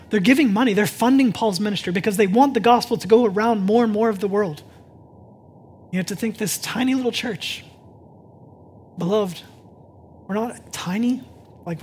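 Conversational pastor preaching. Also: male voice, high voice, slightly rough. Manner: conversational, swings from hushed to excited. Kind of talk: sermon. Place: church sanctuary.

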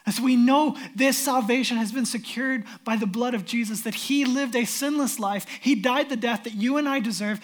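Earnest male pastor preaching. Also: very high voice. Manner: earnest, storytelling, emphatic. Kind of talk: sermon with scripture reading.

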